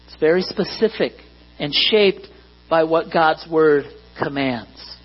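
Husky-voiced man preaching a sermon. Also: on the high side, slow pace. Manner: earnest preaching with sudden emphatic rises and quiet asides. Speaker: pastor. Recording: dull lo-fi recording with mains hum.

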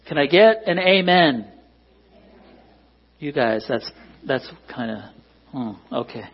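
In a church, a male pastor delivers a conversational sermon in a medium-pitched, expressive voice at a slow pace, the recording muffled. He pokes fun at himself and keeps asking the congregation to agree.

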